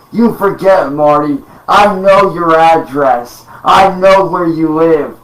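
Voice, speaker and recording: A man rants furiously and swears constantly, his voice pitched high for a man and his words dragged out slowly for emphasis. He sounds a little away from the microphone in an echoey room at home. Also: fairly bright tone, far from the mic. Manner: profane, threatening, slow emphatic delivery. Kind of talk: angry rant to camera. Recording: roomy sound, off-mic.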